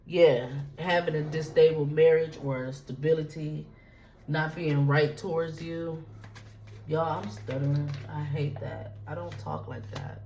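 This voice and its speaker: A woman's voice: deep voice, fairly even intonation, unhurried, mellow, a little hiss or hum, rough recording. Woman doing a loose, profane tarot reading. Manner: loose, profane, repetitive, talks straight to the viewer. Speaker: tarot reader.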